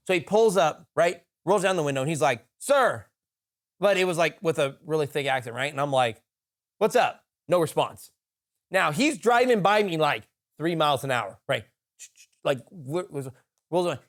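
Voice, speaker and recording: Podcast co-host, a man with a high-pitched voice, swears freely and acts out the dialogue as he tells the story. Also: fairly quick. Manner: profane, animated anecdote with quoted dialogue. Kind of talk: casual storytelling.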